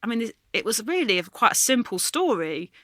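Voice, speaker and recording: Female comic guest, quick and animated, bright voice. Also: a little high, dry recording, clean studio sound. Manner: animated, analytical, jumps in. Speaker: comedian guest. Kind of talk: casual chat.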